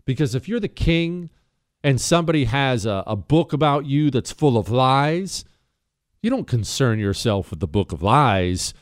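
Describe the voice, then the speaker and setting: A man's voice: mid-range voice, lively intonation, a little slow. A man hosting a call-in radio talk show, brash and joking as he talks.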